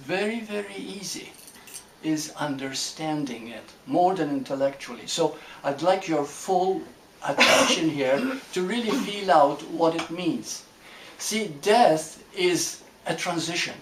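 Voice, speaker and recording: Gentle male spiritual teacher, roomy echo. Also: fairly high pitch. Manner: gentle, unhurried, with repeated phrases and asides. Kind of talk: reflective talk to a group. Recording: roomy echo with faint ambient noise.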